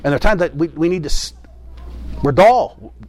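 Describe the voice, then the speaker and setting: A man's voice: fairly high pitch, lively intonation, normal speed, darkish tone. A man preaching a sermon in an earnest way, repeating his key phrases for emphasis.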